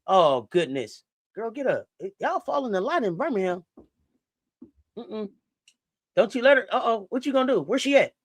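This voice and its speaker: A woman hosting a live basketball watch-along, reacting out loud and talking straight to the players. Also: a little high, big pitch swings, normal speed, pauses often, no echo. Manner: exclamatory, talks straight to the players. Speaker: sports watch-along host. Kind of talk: live game reaction commentary.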